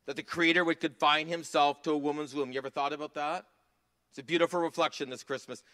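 A man preaching a sermon in a church, earnest, rising to emphatic passages and dropping to soft asides. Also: fairly high pitch, fairly even intonation, quick pace. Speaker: pastor.

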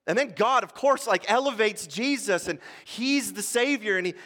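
Passionate pastor preaching in a reverberant hall. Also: male voice, animated, moderate pace. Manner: passionate, rising to near shouts at high points; conversational, with frequent "right?" and "like". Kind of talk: sermon.

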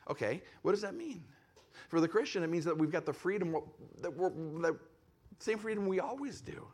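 Man preaching, slightly high voice. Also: animated, moderate pace. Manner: conversational preaching, voices imagined objections; repeats phrases for emphasis. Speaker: pastor. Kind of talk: sermon.

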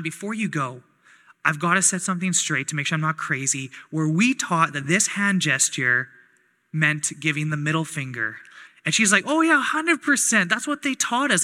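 A young man from Canada preaches in a bright, ringing voice pitched a touch high. His tone is chatty and story-driven, and he slips into the voices of the people he quotes. His words carry a long reverb, as if the room is a big hall. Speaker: pastor. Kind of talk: sermon with personal story.

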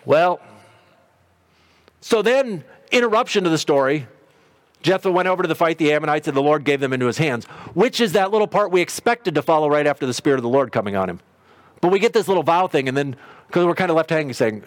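Man, high voice, middle-aged, sermon, chatty storytelling, acts out quotes. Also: animated, brisk, long pauses. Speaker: pastor.

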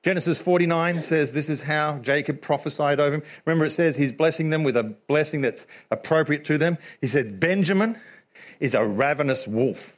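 A man preaching a sermon in an animated way. He laughs often and acts out little scenes as he talks. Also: on the high side, a little fast.

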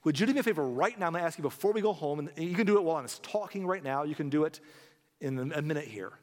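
A man's voice: on the high side, lively intonation, racing. A man preaching a sermon as pastor, making an earnest, pleading appeal to his congregation. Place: church sanctuary. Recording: long hall reverb.

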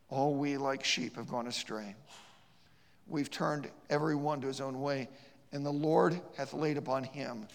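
Gravelly preacher in a reverberant church. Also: male voice, mid-range voice. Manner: emphatic, repeats words in restarts, storytelling. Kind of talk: sermon. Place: church sanctuary.

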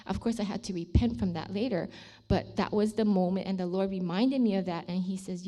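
A woman of sixty giving a testimony sermon to a room of listeners, telling her story with animated storytelling and leading an earnest, pleading prayer. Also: mid-range voice, brisk. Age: 60s. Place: room with a seated audience.

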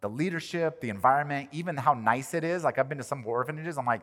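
A man's voice: on the high side, quick pace. Man preaching in a reverberant hall. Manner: animated, rises and drops in volume for emphasis. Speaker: pastor. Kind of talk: sermon. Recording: long reverb of a large hall.

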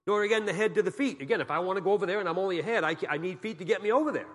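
A man's voice: high voice, expressive, racing, hardly any pauses. A man from Massachusetts giving a guest sermon as a pastor, telling folksy, joking stories and asking the congregation questions.

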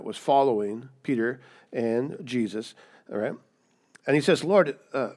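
Animated man preaching a sermon. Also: mid-range voice. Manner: animated, emphatic preaching with rhetorical questions. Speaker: pastor.

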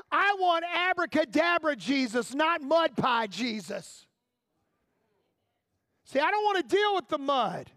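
A man preaching a sermon in church, impassioned, firing off repeated rhetorical questions and rising to shouts. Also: extremely high pitch, no echo, clean studio sound.

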